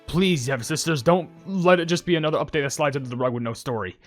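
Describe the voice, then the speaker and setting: A young man doing casual commentary as a YouTuber, rambling and correcting himself with excitable asides. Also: on the high side, fast talker, soft background music. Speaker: YouTuber reacting to game updates.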